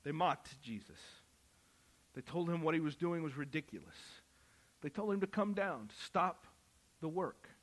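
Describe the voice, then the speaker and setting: A man preaching a sermon, moving from quiet Bible reading to loud, impassioned calls. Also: fairly high pitch. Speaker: pastor.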